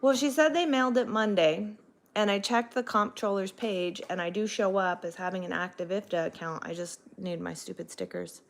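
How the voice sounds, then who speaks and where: A woman's voice: medium pitch, normal speed, gravelly, a little hiss or hum. A woman truck driver from Texas, chatting casually on a livestream in a sarcastic, swearing manner.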